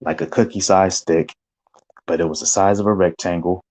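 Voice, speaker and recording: A man recounts a spiritual vision in loose, animated testimony. His voice sits low with a husky grain, and he acts out gasps and shouts as he tells it. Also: moderate pace, low-quality recording.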